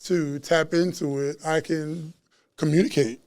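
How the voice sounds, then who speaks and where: A man who works as a chef and Reiki practitioner, chatting as a guest at a live podcast taping in a bookstore and telling stories in an animated, slangy way. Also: on the high side, a little slow, no echo, studio quality. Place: bookstore event space.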